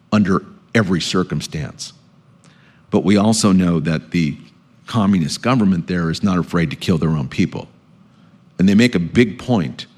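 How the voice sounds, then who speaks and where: Low-voiced male lecturer, measured answers with repeated words while he thinks. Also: a little mellow. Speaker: guest speaker answering audience questions. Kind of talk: public lecture Q&A.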